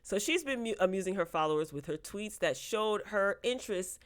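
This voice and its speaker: A woman's voice: mid-range voice, expressive, a little fast. Female host, casual gossip commentary; reads the item, then jumps in with her own playful reactions. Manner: reads headlines aloud and reacts with laughs and asides. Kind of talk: casual entertainment news chat.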